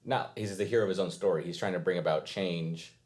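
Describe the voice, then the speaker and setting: Young guy w a really low voice chatting on a podcast, gets animated. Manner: animated, acts out scenes in quick put-on voices. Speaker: podcast co-host. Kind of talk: casual chat.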